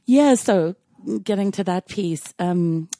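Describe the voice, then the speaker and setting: A woman from South Africa with a blended South African accent, slightly hoarse, telling her story candidly as a podcast guest. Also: fairly low pitch, expressive, slow, dark tone, dry recording. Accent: South African, blended with British and American. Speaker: guest, tantra teacher. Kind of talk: casual interview chat.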